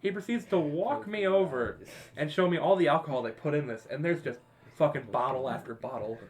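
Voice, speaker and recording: A man's voice: a little high, fairly quick. Young man telling a profane party story. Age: young adult. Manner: laughing, profane, animated retelling. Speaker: podcast co-host. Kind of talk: casual storytelling among friends.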